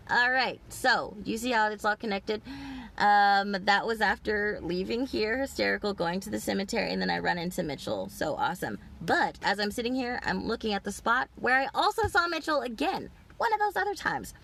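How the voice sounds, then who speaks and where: A woman's voice: mid-range voice, fairly bright tone, a little hiss or hum. A woman vlogging outdoors in a parking lot, telling a long, rambling, profane story full of fillers. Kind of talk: rambling personal monologue.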